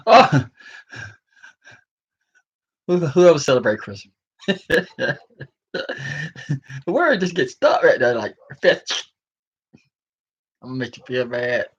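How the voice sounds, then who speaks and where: A man's voice: on the high side, sing-song, very slow, pauses often, fairly bright tone, slightly rough. Sleepy man rambling, muffled recording. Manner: rambling, chuckling, slangy. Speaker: vlogger. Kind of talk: rambling casual monologue.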